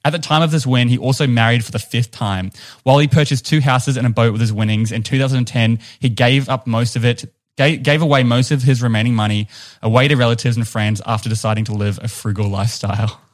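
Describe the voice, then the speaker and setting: A man with a New Zealand accent co-hosts a relaxed podcast. He tells a story in a chatty way, chuckling now and then as he goes. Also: mid-range voice, fast talker. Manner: chatty, laughs while telling stories. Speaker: podcast co-host. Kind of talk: casual storytelling chat.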